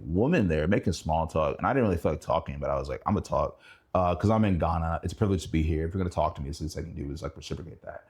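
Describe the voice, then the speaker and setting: A young man telling stories in a casual chat, animated and laughing, his voice jumping up when excited. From Indianapolis. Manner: animated, laughing storyteller who rises high in pitch when excited. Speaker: guest. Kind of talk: casual storytelling.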